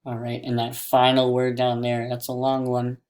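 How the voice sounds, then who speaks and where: A man teaching a classroom mini lesson, stretching words out slowly syllable by syllable. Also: medium pitch, completely flat delivery, darkish tone.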